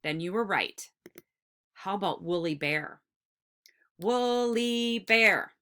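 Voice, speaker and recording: A woman teaching a recorded kindergarten lesson, speaking slowly and encouragingly and drawing out words for young children. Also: deep voice, fairly bright tone.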